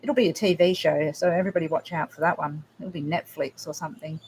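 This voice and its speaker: A woman with a lowish voice hosts a casual livestream chat, talking straight to her viewers. She speaks softly and haltingly, often restarting her sentences, and her talk stays close to emotion. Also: steady tone, a little hiss or hum. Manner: emotional, halting, soft-spoken with frequent restarts. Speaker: livestream host.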